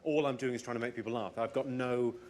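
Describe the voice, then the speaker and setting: A man on a comedy panel, making quick, punchy jokes in a deadpan way. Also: mid-range voice, a crowd in the background. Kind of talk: casual panel chat.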